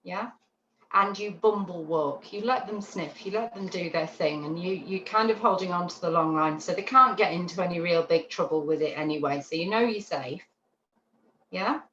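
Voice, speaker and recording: Woman instructor, lively teaching manner, recorded over a roomy, muffled video call with faint hiss. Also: lowish voice, moderate pace. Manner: chatty, animated, checks in with "yeah?". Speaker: dog training instructor. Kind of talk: online class teaching. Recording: roomy, dull lo-fi call audio with faint noise.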